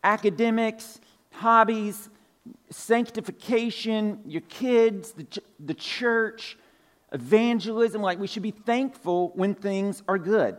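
In a church sanctuary, a pastor with a slightly raised pitch delivers a conversational sermon to his congregation. He speaks slowly and loosely, full of casual fillers, and circles back to restate each point.

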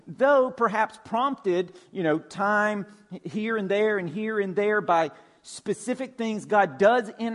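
A male pastor preaching a sermon in a church, in a conversational way with frequent casual fillers. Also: high-pitched. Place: church sanctuary.

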